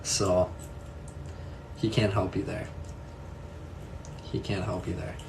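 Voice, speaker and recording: A man's voice: low voice, flat delivery, slow, vocal fry, background noise. A young man chatting casually with viewers, answering their comments one by one, echoing his own answers and laughing often. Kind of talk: casual live chat.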